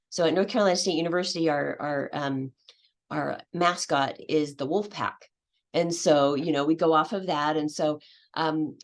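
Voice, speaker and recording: A middle-aged woman, an English language teacher, giving a conference presentation in a hesitant way, with many fillers and restarts. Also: low voice.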